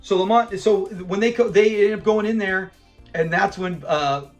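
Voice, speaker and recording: A man with a slightly higher-pitched voice hosts a fan channel and talks through an old sitcom episode in a loose, chatty way. He retells the scenes with plenty of energy, acting out bits of dialogue and laughing along, while soft music plays faintly in the background. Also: moderate pace. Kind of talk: casual episode recap commentary.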